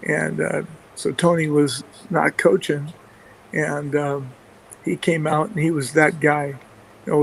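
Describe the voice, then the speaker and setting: Man, football coach, gravelly, monotone, rambling anecdotes, lots of fillers. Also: fairly high pitch, takes it slowly, slight background noise, poor audio. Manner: rambling, many fillers and restarts, chuckles often. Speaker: football coach and play caller. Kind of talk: casual anecdotes in a radio interview.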